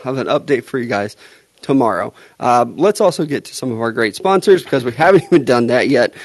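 A man's voice: medium pitch, expressive, a little fast, husky, dry recording. A man co-hosting a sports podcast, chatting casually and laughing often at his own jokes. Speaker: podcast co-host.

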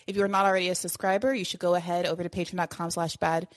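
A woman's voice: fairly low pitch, level tone, racing. A woman hosting a podcast in a casual, loose way, out of breath and correcting herself with a laugh. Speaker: podcast host.

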